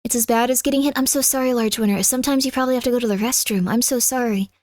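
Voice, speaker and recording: High-voiced woman chatting on a live stream. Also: rapid-fire, dry recording, clean studio sound. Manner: chatty, peppered with "like", loud yelps at her cat. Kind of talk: casual live-stream chat. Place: home room with cats.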